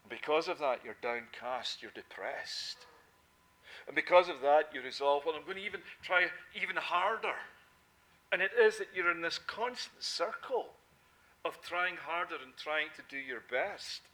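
Male preacher, bright ringing tone, emphatic sermon delivery, loud to hushed. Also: fairly high pitch, normal speed. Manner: emphatic preaching, swinging from loud declarations to soft intimate asides.

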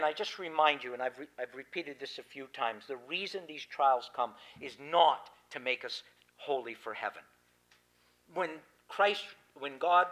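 Male preacher, emphatic sermon delivery, lively pitch, bright tone. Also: poor audio. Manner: emphatic, swings between loud declarations and quiet asides. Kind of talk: sermon on scripture.

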